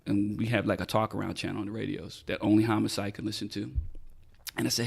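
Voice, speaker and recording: A man's voice: lowish voice, quick pace, gravelly, breathy edge. A middle-aged man, a retired detective, telling a story in a podcast interview. He is casual, swears freely and acts out the dialogue. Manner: animated storyteller who acts out quoted dialogue. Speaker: retired police detective, guest.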